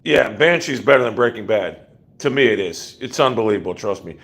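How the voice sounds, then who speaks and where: A man's voice: fairly low pitch, animated, a little fast, a bit bright. A man hosting a casual livestream, ranting bluntly with profanity and rambling asides. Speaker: livestream host.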